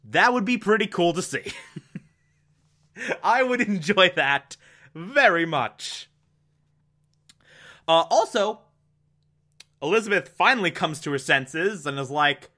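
Slow, bright-voiced chatty man. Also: high voice, expressive. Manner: chatty, laughs often, lots of fillers. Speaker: podcast host. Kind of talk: casual TV episode recap.

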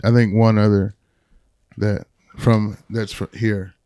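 Easygoing male host, slangy, quick to laugh, relaxed banter. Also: on the low side, clear, resonant tone. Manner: laid-back, slangy, laughs often. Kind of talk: casual chat.

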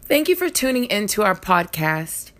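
A woman delivers a short, upbeat podcast outro for a ministry, announcing it at a mid pitch with a steady, clear read. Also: normal speed. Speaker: podcast host.

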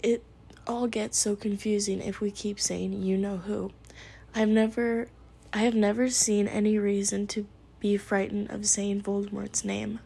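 A gentle, teasing old wizard, voiced by a woman in whispered role-play, his lines breathy and mellow. The delivery stays flat and hushed, kindly rather than grand. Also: medium pitch, a little slow.

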